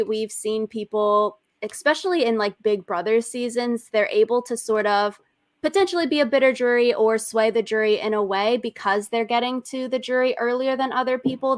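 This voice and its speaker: A young woman co-hosting a casual recap podcast, chatty and laughing often. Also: fairly high pitch. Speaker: podcast co-host.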